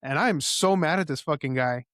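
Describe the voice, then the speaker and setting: A young man with a fairly high voice tells a story in a loose, animated way, with plenty of swearing along the way. He co-hosts a casual podcast, and the sound is dry and close to the mic. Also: brisk, dry recording. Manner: animated storyteller, heavy swearing, acts out quotes. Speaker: podcast co-host.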